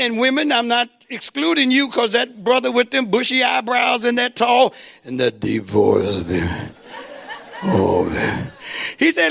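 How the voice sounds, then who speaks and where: High gravelly preacher. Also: male voice, lively intonation, a little slow. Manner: call-and-response, shouted exclamations to the congregation. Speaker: pastor. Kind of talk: sermon.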